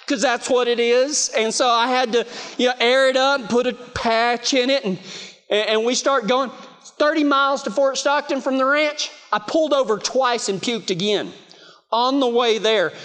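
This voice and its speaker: A man's voice: very high voice, a little slow, fairly bright tone. A man with a West Texas accent preaching in a chatty, self-mocking storytelling style, full of "you know" asides, to a live audience. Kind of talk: storytelling sermon. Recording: long reverb of a big hall.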